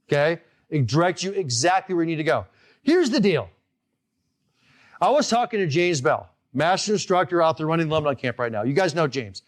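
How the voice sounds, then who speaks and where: A man hosting a live online golf lesson as instructor, talking in an energetic, emphatic way and often checking in with "okay?". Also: high voice. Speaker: golf instructor and show host.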